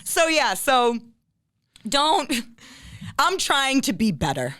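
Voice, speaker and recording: A woman with a New England accent hosting a podcast, blunt and profane, breaking into shouts when she gets worked up. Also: sits high, big pitch swings, slow pace, no room sound, clean studio sound. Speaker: podcast host. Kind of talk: casual podcast chat.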